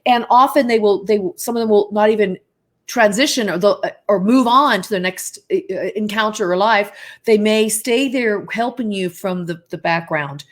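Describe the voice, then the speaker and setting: A talkative woman appears as a psychic medium guest on a live show, heard over a video call. She speaks directly to the viewers. She wanders from point to point in a warm, unscripted way. Her pitch sits in a middle range. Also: normal speed. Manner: chatty, digressive, speaks straight to viewers. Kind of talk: casual live interview.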